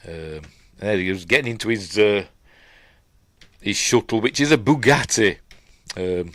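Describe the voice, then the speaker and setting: A man's voice: fairly low pitch, unhurried, a bit bright, no echo. A middle-aged man with a Yorkshire accent hosts a casual film breakdown. He rambles, trails off and restarts while chatting with viewers. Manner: chats with live viewers while watching. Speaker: host.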